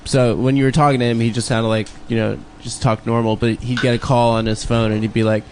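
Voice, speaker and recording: Male podcast co-host, relaxed storyteller, faint background hiss. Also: medium pitch, a little fast. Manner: laid-back storytelling, frequent laughs and fillers. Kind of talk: casual comedy podcast banter.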